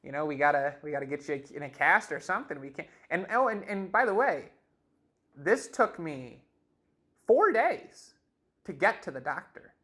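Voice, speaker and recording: Man telling a story in a lively, chatty way. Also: on the high side, moderate pace. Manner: animated, acts out the voices of others in his story; chatty, with frequent laughs and fillers like "you know". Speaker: storyteller recounting his life. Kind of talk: casual personal storytelling.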